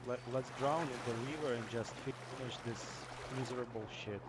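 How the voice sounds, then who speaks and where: A man with a mid-range voice trades dry, sarcastic remarks while gaming. His voice chat arrives with clear background noise and game sounds underneath. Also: mid-range voice, normal speed. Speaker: fellow player. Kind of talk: casual gaming chat over voice chat.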